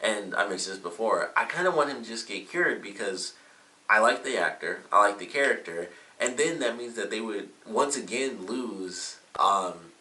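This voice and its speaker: A man's voice: fairly low pitch, lively intonation, normal speed, bright, forceful tone. A man giving a casual, rambling review of a TV episode, with lots of fillers and self-corrections. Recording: roomy echo, mic at a distance.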